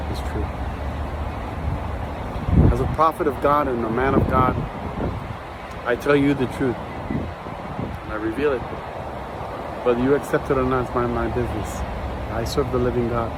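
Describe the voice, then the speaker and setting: A man's voice: medium pitch, heavy background noise. A man hosting as a pastor, preaching with an emphatic, declaring manner. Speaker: pastor and host. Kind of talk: preaching introduction.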